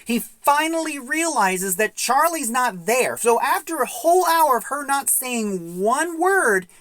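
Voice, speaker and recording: A woman's voice: sits high, sing-song, unhurried, a bit bright, no room sound. A young woman casually recapping and reviewing an audio drama, retelling scenes in a chatty way with many asides.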